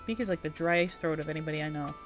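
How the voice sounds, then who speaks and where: Woman streamer, casual gameplay commentary; chatty, giggly, a bit low in pitch. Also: very fast, over music. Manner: chatty and giggly, talks to herself while playing.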